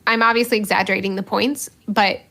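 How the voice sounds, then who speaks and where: A woman's voice: mid-range voice, fairly even intonation, fast talker, pushed and bright. A woman who is a religious sister, co-hosting a podcast and telling a personal story in casual conversation, earnest and self-mocking, with many fillers.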